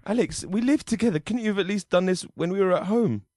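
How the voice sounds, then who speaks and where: A man's voice: high-pitched, fast, darkish tone, no echo, clean studio sound. A man improvising a comedy scene, exasperated and swearing.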